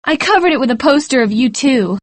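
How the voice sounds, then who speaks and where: A woman's voice: high voice, animated, fairly quick, no echo, pitched above the performer's own voice. A narrator voicing a cheerful teenage girl in an audiobook story. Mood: eager.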